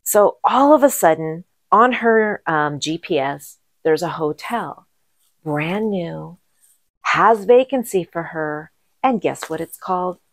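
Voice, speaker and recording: A middle-aged woman casually telling a story, animated, breaking into sudden high exclamations. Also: slow pace, no room sound.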